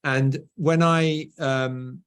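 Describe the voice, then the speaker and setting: Mid-pitched middle-aged English male guest, BBC southern accent, anecdotal and chatty. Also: steady tone, drawn-out words, a bit bright, clean tone. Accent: southern English, BBC-style. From England. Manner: storytelling, often adds "right?". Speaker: guest author. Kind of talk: conversational interview.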